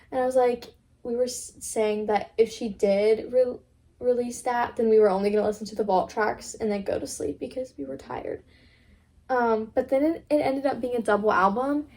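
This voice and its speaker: Young woman, casual vlog chat, somewhat high voice, warm tone, quotes herself a lot. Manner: chatty, quotes herself often, many "like" fillers. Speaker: vlogger.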